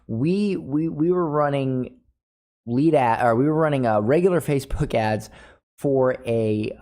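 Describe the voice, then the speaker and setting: A man's voice: medium pitch, darkish tone. A man teaching a marketing course as a casual screen-share tutorial, often restarting his sentences. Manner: casual, restarts often, fillers, says "y'all".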